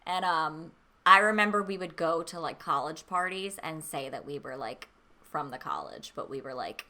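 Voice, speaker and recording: A woman's voice: sits low, lively intonation, moderate pace, bright, forceful tone. A woman in her thirties co-hosting a casual chat stream, telling loose, swear-laced stories full of "like". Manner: loose storytelling, swears freely, lots of "like". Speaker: streamer co-host.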